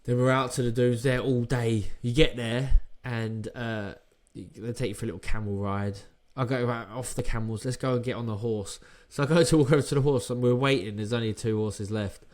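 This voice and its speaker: A man co-hosts a casual podcast and tells animated stories. He laughs easily, swears freely, and talks in an ordinary middle pitch. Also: brisk, hardly any pauses. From England. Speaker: podcast co-host, former boxer. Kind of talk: casual storytelling chat.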